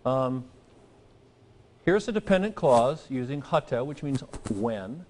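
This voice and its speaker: A man's voice: medium pitch, lively intonation, slow, darkish tone. A man giving a classroom lecture as a teacher, talking conversationally and often checking in with "okay?" and light asides. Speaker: Greek teacher.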